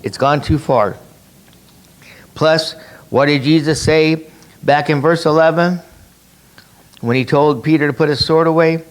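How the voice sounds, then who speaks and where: A man's voice: on the high side, steady tone, measured pace, pauses often. A man leading a conversational Bible study, explaining through rhetorical questions and repeating his key points. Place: church meeting room.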